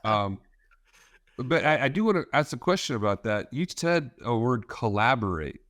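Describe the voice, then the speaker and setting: A man co-hosting a podcast, joking with his co-hosts and asking questions in a halting way, with restarts. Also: medium pitch, very animated, fairly bright tone, no echo, studio quality. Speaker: podcast co-host. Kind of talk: podcast interview, casual banter.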